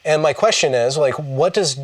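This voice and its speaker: A man's voice: on the high side, normal speed, no echo, distant mic. A man hosting a livestream, talking conversationally with restarts and stammers. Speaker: livestream host. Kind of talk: casual livestream discussion.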